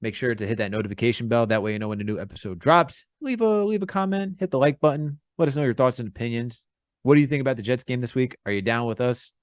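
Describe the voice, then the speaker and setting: Young host wrapping up a sports podcast, brisk and upbeat, fast delivery, dry mic. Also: male voice, mid-range voice, dry recording. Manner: brisk, upbeat show announcements. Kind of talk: podcast sign-off and promotion.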